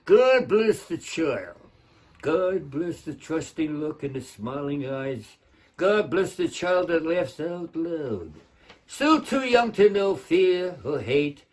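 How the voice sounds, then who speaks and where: Casting: a man impersonating an old grandfatherly screen actor, slow and quavering, husky. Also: a little high, heavily acted. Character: gruff old grandfatherly film actor, male, solemn. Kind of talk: open mic impression, recited poem.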